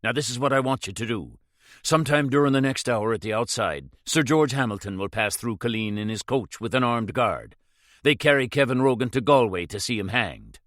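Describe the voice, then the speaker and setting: A man's voice: mid-range voice, lively intonation, a little fast, fairly bright tone, no echo, studio quality, close to an everyday voice. A man voicing a bold masked outlaw hero who gives firm, urgent orders in a raised voice.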